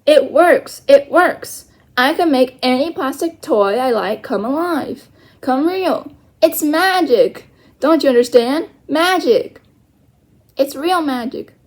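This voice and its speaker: Woman voicing an excitable young boy, eager, storybook read-aloud, highish voice. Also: normal speed. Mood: excited.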